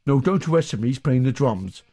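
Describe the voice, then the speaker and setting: A man's voice: medium pitch, lively intonation, fairly quick, mellow, no echo. A middle-aged man talking in a rambling, crude, jokey way. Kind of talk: casual chat over music. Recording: music playing clearly behind. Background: guitar music.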